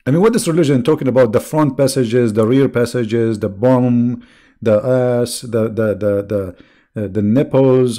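Casting: middle-aged Arab man, Arabic accent, mellow dark voice, sarcastic mocking host. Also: medium pitch, measured pace. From Arab world. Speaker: online debate host. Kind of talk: mocking commentary monologue.

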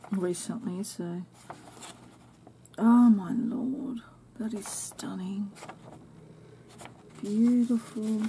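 Woman crafter, unboxing a craft package, slow gushing delivery, soft whispers, mellow dark tone, faint room noise. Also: a little high. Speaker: crafting channel host.

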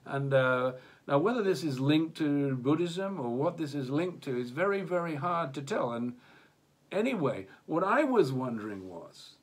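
A man with a rather high, expressive, slightly rough voice talks at normal speed while co-hosting a casual religion discussion in Japan. His speech is hesitant, full of fillers and restarts.

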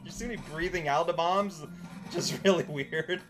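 A man's voice: a little high, normal speed, fairly bright tone, soft background music. A man casually commentating on a video game as he plays, rambling and giggling through jokey asides. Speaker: let's play commentator.

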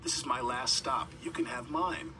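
A man's voice: mid-range voice, moderate pace, far from the mic, noisy background, close to an everyday voice. A man voicing a small, nervous young male tank engine in a storybook, speaking timidly and with worry. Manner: timid, worried.

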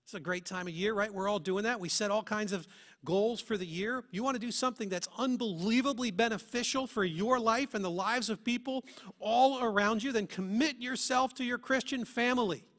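High, bright-voiced preacher man. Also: fairly quick. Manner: earnest, full of rhetorical questions. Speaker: pastor. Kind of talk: sermon. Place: church.

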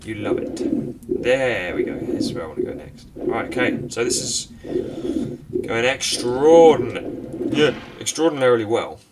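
A man giving sarcastic, self-mocking commentary over a game he plays, breaking into quick outbursts at it. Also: medium pitch, animated, recorded from a distance, very noisy. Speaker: gaming commentator. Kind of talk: let's play commentary.

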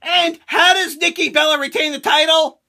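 Excitable, profane male host, very bright and sharp, high voice. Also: moderate pace, vocal fry. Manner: excitable, profane, laughing often. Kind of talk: casual chat.

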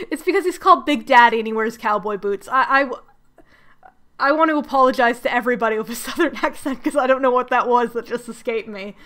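High-voiced sarcastic young woman reviewer. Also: fast talker. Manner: sarcastic, animated, self-mocking. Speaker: book reviewer. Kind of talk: comedic book recap.

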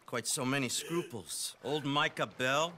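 An actor playing a cold, menacing middle-aged detective in a video game, speaking calmly and tauntingly. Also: male voice, medium pitch, measured pace, slight background noise. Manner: calm, taunting, smug. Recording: game soundtrack music behind.

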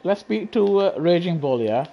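A man's voice: high voice, animated, moderate pace, creaky, highs cut off, faint music behind. A young man, streaming live racing gameplay and teasing the players in his lobby, laughing often and full of slang. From England. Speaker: gaming streamer.

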